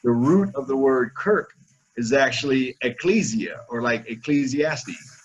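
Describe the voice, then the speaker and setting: A man's voice: mid-range voice, expressive, unhurried, slightly rough, lo-fi sound. Upbeat slangy man hosting a webinar. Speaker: webinar host. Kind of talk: casual webinar interview.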